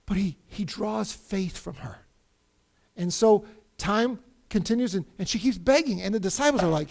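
Middle-aged man, pastor, lively sermon, storytelling, acts out quotes. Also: very high voice, normal speed, creaky. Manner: animated storytelling, acting out quoted voices.

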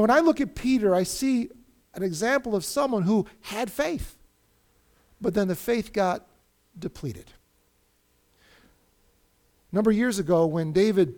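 His voice is high and his pace moderate, broken by long pauses, as this middle-aged pastor gives a sermon. He narrates with vigor and acts out the people whose words he quotes.

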